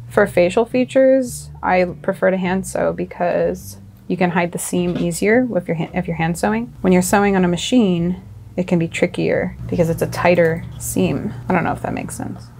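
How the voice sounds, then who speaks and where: A woman's voice: lowish voice, darkish tone. A woman co-hosting a casual crafting video, chatty and teasing while explaining steps. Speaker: co-host. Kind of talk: casual chat.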